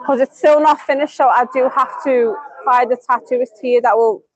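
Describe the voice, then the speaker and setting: A woman's voice: high voice, fairly even intonation, moderate pace, no echo, lo-fi sound. A woman chatting on a live stream. She rambles with lots of fillers and restarts. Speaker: vlogger. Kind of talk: casual live-stream chat.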